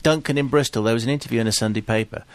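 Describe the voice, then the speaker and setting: A man co-hosting a radio show, reading out listener messages and teasing his partner in a dry, deadpan way. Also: mid-range voice, very fast, dry recording. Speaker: radio co-host.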